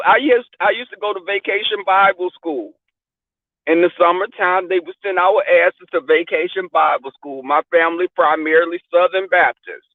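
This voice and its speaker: High-voiced blunt man on a tinny line. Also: no echo. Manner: blunt, profane, animated storyteller. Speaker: podcast host. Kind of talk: candid casual chat. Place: car. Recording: dry tinny phone-like sound.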